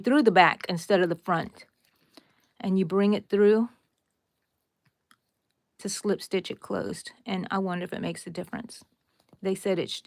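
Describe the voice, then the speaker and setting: A woman's voice: medium pitch, gravelly, darkish tone. A woman with a Texan drawl chats away to her viewers while she teaches a crochet project live, wandering into friendly asides. Her voice sits in an ordinary middle range. The sound is dry and close, with no room echo. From Texas, USA. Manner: chatty, talks straight to viewers, rambling asides. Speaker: crochet livestream host. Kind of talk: casual live crochet tutorial.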